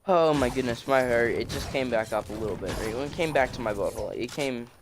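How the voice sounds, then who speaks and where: A man's voice: medium pitch, quick pace. Man, casual storytime vlog, rambling with restarts, phone recording, clicking noise behind. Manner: rambling, many restarts and fillers. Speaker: storytelling vlogger. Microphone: phone screen recording.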